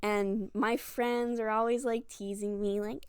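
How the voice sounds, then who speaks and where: Young woman, early twenties, casual vlog storytelling, self-mocking, lots of "like", smooth clear voice, dry close mic. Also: a little high, flat delivery, unhurried, hardly any pauses, darkish tone, dry recording. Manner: chatty, self-mocking, heavy use of "like". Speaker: vlogger.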